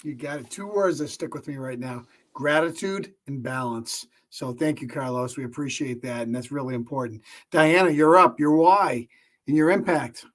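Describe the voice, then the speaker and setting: A man's voice: mid-range voice, moderate pace. A man hosting a panel on a video call, upbeat and joking between speakers. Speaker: host.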